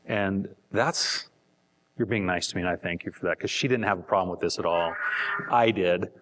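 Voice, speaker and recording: A man's voice: low-pitched, moderate pace, big-room sound, background noise. A middle-aged man speaking candidly to couples, joking and poking fun at himself. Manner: joking, self-deprecating. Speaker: seminar speaker.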